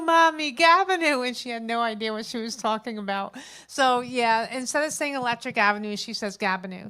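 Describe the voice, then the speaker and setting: A grandmother of around fifty takes the open mic stage at a local venue for a stand-up bit. In a fairly high voice, she tells a chatty, animated story, acting out the quotes of the people in it.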